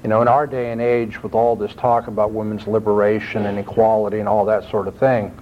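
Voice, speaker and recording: A man preaching a sermon, quoting scripture and climbing in pitch to stress his points. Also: brisk, a little hiss or hum. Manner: expressive, rising emphasis when quoting scripture. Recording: dull lo-fi recording.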